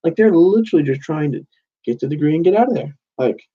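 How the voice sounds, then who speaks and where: A man's voice: a little high, animated, quick pace, husky, highs cut off. A young man rambling casually to his channel's viewers, loose and meandering with lots of fillers and restarts. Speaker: channel host. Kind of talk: casual rambling monologue to camera.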